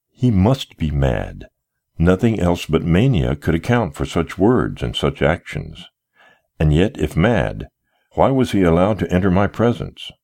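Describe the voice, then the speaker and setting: Male audiobook narrator, very low voice, expressive first-person storytelling. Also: measured pace, gravelly. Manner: expressive storytelling, wide melodic swings.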